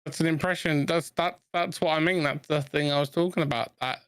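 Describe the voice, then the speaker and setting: A man's voice: on the high side, fairly even intonation, brisk, a bit bright, clear, resonant tone, no echo. A man with a South East London accent, chatting loosely with friends over a game and restarting his sentences often. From England. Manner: rambling, restarts often, laughs easily. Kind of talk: casual chat over gameplay.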